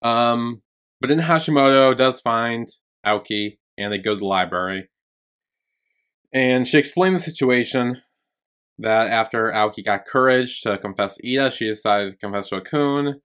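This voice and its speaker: A man co-hosting a podcast in relaxed casual chat, hesitant and easygoing. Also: medium pitch, normal speed, smooth. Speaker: podcast co-host.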